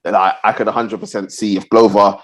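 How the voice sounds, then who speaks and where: A man chatting about fights on a podcast in an easygoing, agreeable manner. His voice sits a little low. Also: brisk, rough recording. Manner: relaxed, agreeable, backchannels a lot. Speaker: podcast co-host. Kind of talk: casual fight-talk chat.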